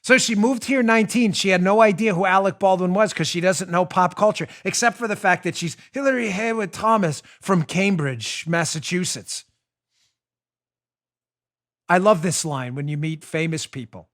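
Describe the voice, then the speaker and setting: A man hosting a political commentary show, talking in an animated, mocking, rant-like way into a studio microphone. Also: high-pitched, normal speed. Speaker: show host.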